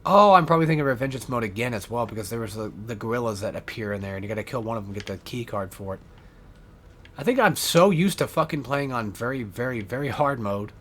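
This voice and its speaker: A man narrates his own gameplay in a loose, meandering way, dropping curses and stopping to correct himself. His voice sits at an ordinary middle pitch. A faint hiss of background noise runs under the recording. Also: lively intonation, fast, a bit bright. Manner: rambling, swears often, self-correcting. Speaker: let's play gamer. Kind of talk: casual gameplay commentary.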